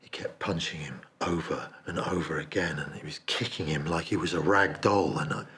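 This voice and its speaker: A man performing a dramatic monologue as a remorseful man confessing a cowardly betrayal, speaking in a hushed, confessional way. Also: deep voice, steady tone, measured pace. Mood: haunted, confessional.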